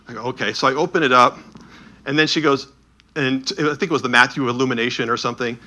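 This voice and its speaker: Bright-voiced man telling stories. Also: on the high side. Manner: animated anecdotal storytelling with asides. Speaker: speaker touring with a Bible edition. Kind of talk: storytelling talk.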